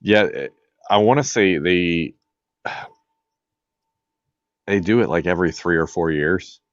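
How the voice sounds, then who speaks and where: A man's voice: low-pitched, unhurried, no echo, muffled recording. A man from Massachusetts co-hosting a podcast, chatting casually about politics and rambling with many fillers and restarts. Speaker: podcast co-host.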